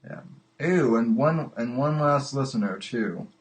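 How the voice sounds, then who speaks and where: A man's voice: medium pitch, lively intonation, unhurried. A man hosting a live call-in podcast, chatting casually and amused, often stalling and repeating words as he goes. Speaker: podcast host taking calls. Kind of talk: casual live-stream chat.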